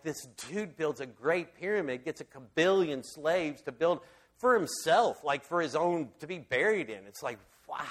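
A man giving a casual, rambling Bible talk, enthusiastic and full of fillers and restarts. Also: fairly high pitch. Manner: enthusiastic storyteller.

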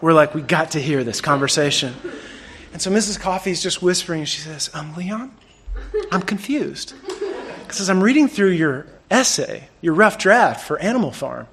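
A man preaching a sermon, telling a lively story and acting out the people in it. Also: high voice, a little hiss or hum. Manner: animated storyteller, acts out quotes. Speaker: pastor.

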